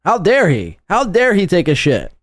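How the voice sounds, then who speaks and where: A man's voice: sits high, huge pitch swings, moderate pace, dry recording, studio quality. A man hosting a podcast, commenting sarcastically and mockingly on clips in a casual way. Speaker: podcast host.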